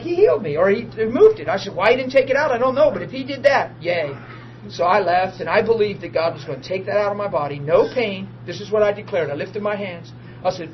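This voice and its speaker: A man preaching a testimony as a story, excitable, bursting into laughter and shouts. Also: high-pitched, a little fast. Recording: muffled recording with steady hum.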